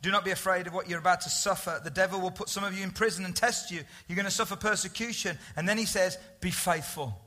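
Male preacher, high and bright, earnest conversational sermon with soft intimate moments. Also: steady tone, quick pace, hardly any pauses. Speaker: pastor.

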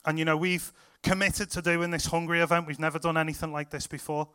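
A young man preaching to a youth group, retelling stories with excited, animated quotes. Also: a little high, fast talker, clear, resonant tone. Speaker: youth pastor. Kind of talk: sermon storytelling to a youth group.

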